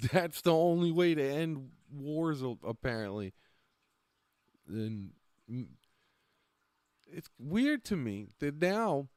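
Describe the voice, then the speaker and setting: A man's voice: medium pitch, darkish tone, no room sound. A man talking casually on a livestream, rambling, often trailing off and laughing between thoughts. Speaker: livestream host.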